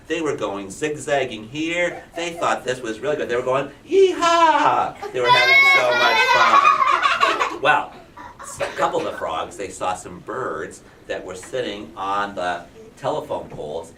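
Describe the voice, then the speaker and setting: A man's voice: fairly low pitch, background noise. A male kindergarten teacher animatedly telling a picture-book story to young children, often asking them questions. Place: classroom. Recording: roomy classroom from a distance.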